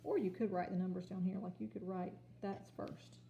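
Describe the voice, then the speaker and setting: A woman teaching a kindergarten home lesson on video, sounding out letters and words slowly and patiently. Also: lowish voice, steady tone, creaky, dark tone, roomy sound, lo-fi sound. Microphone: phone or camera.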